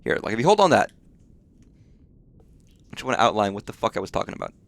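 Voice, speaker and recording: A man's voice: lowish voice, big pitch swings, quick pace, creaky. A man streaming a game live, chatting casually in a rambling way, swearing often and full of fillers. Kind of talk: casual live gameplay chat.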